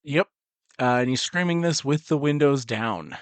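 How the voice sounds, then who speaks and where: A man's voice: medium pitch, normal speed, clean tone, no echo. A man narrating a tabletop role-playing game as its game master, in an easygoing way.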